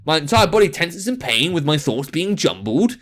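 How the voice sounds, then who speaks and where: A man's voice: fairly high pitch, very animated, normal speed, a bit bright. A young man reading a visual novel aloud and adding jokey, sarcastic asides. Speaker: gaming video host.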